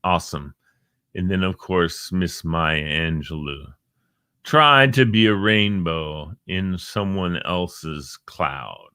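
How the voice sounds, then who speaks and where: A man's voice: low-pitched, slow, smooth, dry recording, clean studio sound. A man hosting a casual live stream, reading uplifting quotes and joking with viewers by name. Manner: animated, jokey, chats to viewers by name. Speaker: host of a live encouragement stream.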